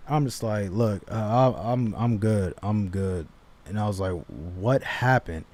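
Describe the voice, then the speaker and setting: A young man casually telling a personal story, animated and slangy, with frequent restarts and asides. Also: fairly low pitch, moderate pace.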